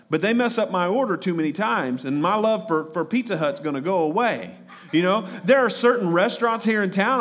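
Man, pastor, relaxed chatty sermon, repeats words, fairly high voice. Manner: conversational, repeats words, asks the congregation questions.

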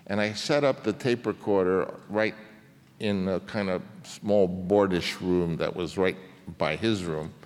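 Man in his 70s, guest storyteller, lowish voice, rambling with restarts, hall reverb. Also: steady tone, normal speed. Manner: rambling, with many restarts and fillers. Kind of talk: anecdotal storytelling in a public conversation.

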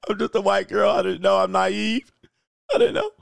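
A shrill, sobbing young woman pleads she is innocent, her voice cracking into a wail, as a man puts her on in falsetto. The sound is dry and close. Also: normal speed, gravelly, no room sound. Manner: high, wailing, shouted sobbing.

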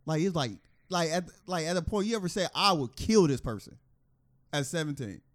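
A man on a podcast talking in loose, casual chat. His voice sits a little high and swings widely in pitch as he acts out what people said, laughing as he goes. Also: fairly quick. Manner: animated, acts out quoted reactions with laughter. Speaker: podcast co-host.

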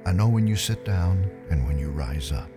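A very deep voice of God the Father, read by a man for a devotional video. He speaks slowly and intimately, with a lively rise and fall in his tone. Music plays clearly behind him. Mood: tender. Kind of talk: scripted devotional reading.

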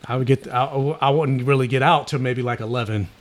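A man's voice: mid-range voice, steady tone, fairly quick. A young man co-hosting a casual chat, laid-back and trailing off, sometimes reading news items aloud. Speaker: podcast co-host.

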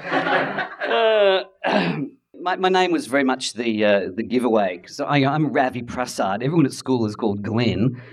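A man's voice: medium pitch, animated, brisk. Wry middle-aged man from Adelaide. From Adelaide, Australia. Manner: wry, self-deprecating, with playful impressions and asides. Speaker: speaker telling his story. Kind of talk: humorous storytelling talk. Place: event hall with audience. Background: audience laughter.

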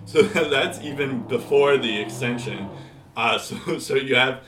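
A man's voice: mid-range voice, measured pace, fairly bright tone, slight background noise. Rambling man in an echoey room. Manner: rambling, many fillers and restarts, laughs often. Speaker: podcast co-host. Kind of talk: casual hockey podcast chat.

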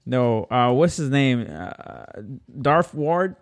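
A man's voice: mid-range voice, sing-song, slow, vocal fry. Guy hosting a podcast, kinda hesitant, lots of uh and um. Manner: hesitant, many fillers and restarts. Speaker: podcast host. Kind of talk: casual chat.

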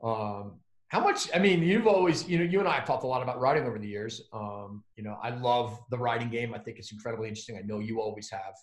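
A man's voice: medium pitch, fast. Man hosting, roomy sound. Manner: hesitant, filler-heavy questioning. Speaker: podcast host. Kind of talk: casual podcast conversation. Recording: roomy echo.

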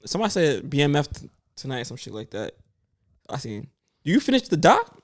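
A man's voice: a little high, wildly swooping pitch, brisk. A man co-hosting a podcast, making blunt, profane remarks in casual chat.

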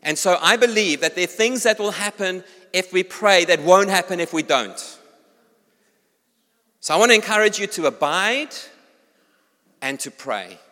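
A man's voice: sits high, lively intonation, normal speed, pauses often, sharp tone. A man with a South African accent preaching a sermon, telling a personal story and speaking directly to the congregation. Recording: long hall reverb.

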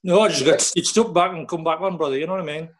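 A man's voice: a little high, rapid-fire, a crowd in the background. A man telling a long casual story about his playing days, full of "like" and "you know what I mean". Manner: rambling, lots of "like" and "you know". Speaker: former footballer guest.

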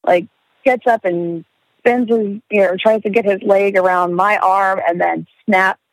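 Young woman, casual storyteller, expressive, swears, dry sound. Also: medium pitch, measured pace, no room sound, rough recording. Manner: animated storyteller, swearing, laughing, acting out quotes. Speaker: guest telling a story. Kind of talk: casual podcast chat.

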